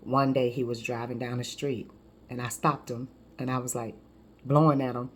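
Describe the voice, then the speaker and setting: A woman in her fifties, a life coach, telling her personal testimony in a lively, conversational way with frequent restarts. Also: a bass voice, normal speed, a little hiss or hum.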